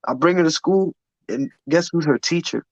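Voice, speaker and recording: At a moderate pace and a somewhat high pitch, a man in an interview gives a candid account of his life. He's emphatic and profane, often repeating words as he begins again. The sound is dry, dull and lo-fi.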